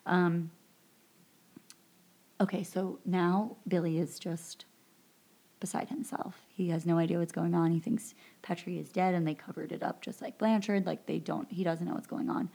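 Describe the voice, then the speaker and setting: Woman, low voice, casual podcast chat, rambling film recap, lots of "um" and "like". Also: fairly even intonation, normal speed, creaky, dark tone. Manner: rambling recap full of fillers and "like".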